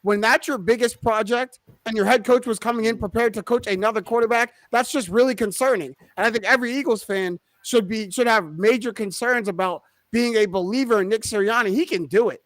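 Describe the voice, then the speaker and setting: A man's voice: high-pitched, brisk, few pauses, fairly bright tone, no room sound. A man making an assertive, argumentative case in a casual sports discussion. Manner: assertive, argumentative, some restarts. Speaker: podcast panelist playing a prosecutor.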